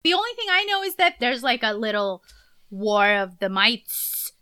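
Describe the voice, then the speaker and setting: A woman's voice: on the high side, sing-song, bright, forceful tone, clear, resonant tone, no echo. A woman hosting a podcast, chatting casually with a playful, laughing manner. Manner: playful, laughing, quick asides. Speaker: podcast host. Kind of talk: casual chat.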